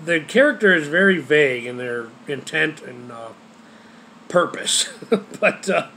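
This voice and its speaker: A man's voice: fairly high pitch, lively intonation, unhurried, sharp tone, slight background noise. A man casually recapping a TV episode, laughing constantly and rambling with lots of fillers. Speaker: show reviewer.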